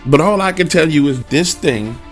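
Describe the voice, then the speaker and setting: Man telling a true scary story, swooping animated voice, dramatic pauses, faint music underneath. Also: on the high side. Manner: dramatic, addresses listeners directly. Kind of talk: first-person horror story narration.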